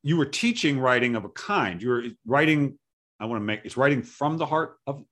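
A man's voice: medium pitch, animated, fairly quick, fairly bright tone. A man hosting an interview, asking rambling questions and laughing along supportively. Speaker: interview host. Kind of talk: conversational interview.

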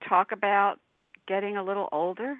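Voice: mid-range voice, fairly even intonation, normal speed, no echo. A co-host in casual chat, teasing and repeating phrases for fun. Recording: phone-like audio.

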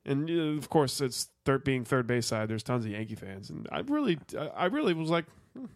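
A man's voice: mid-range voice, very animated, fairly quick, dry recording, studio quality. Swearing, joking male podcast host. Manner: loose, swearing, joking banter. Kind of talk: casual chat.

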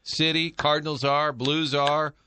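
A middle-aged man hosting sports talk radio from a studio, telling animated stories with quick jokes. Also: a little high, a little hiss or hum. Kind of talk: casual sports talk banter. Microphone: studio microphone.

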